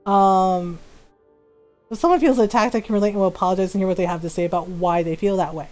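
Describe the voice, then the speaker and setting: Brief: woman game streamer, talkative, acts out quotes in a lively retelling, home setup. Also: medium pitch, fast talker, faint music behind. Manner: animated retelling, acting out quotes, many "like"s. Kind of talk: casual storytelling chat.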